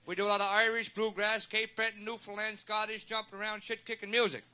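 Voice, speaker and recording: Fast-talking man with wisecracks. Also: sits high, monotone, sharp tone, clear, resonant tone. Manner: quick wisecracks and asides. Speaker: pub band performer introducing the act. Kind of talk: live stage banter. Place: live pub stage.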